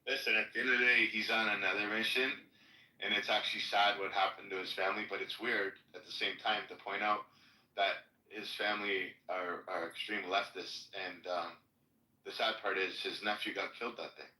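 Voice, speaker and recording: A man's voice: on the low side, level tone, fairly quick, bright, forceful tone, echoey room, distant mic, poor audio. A man hosting a casual livestream chat, rambling and blunt, swearing now and then. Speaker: livestream host.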